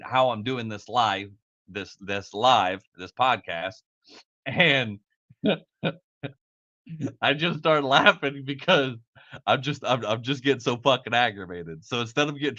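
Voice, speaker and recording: A man's voice: mid-range voice, sharp tone, highs cut off. A man hosting a live podcast in casual, profane talk, laughing at his own slip-ups. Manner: swears a lot, laughs off his own mistakes. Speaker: podcast host.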